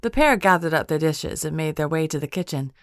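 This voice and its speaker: Woman reading an audiobook, low calm voice, dry studio mic. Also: a little fast, no room sound. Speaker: audiobook narrator. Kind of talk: scripted narration. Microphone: studio microphone.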